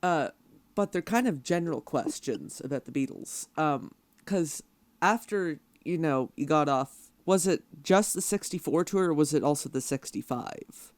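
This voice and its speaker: A man's voice: on the high side, animated, unhurried, no echo. Hesitant young male podcast host. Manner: hesitant, many fillers, laughs easily. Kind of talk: conversational interview.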